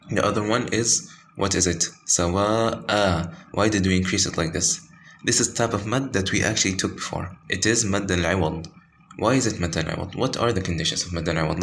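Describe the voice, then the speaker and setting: Tajweed teacher, man, very low voice, halting delivery full of fillers, faint room hum. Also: gravelly, fairly bright tone. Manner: halting, many fillers and self-corrections. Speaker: Quran recitation teacher. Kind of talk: informal tajweed lesson with screen pointing.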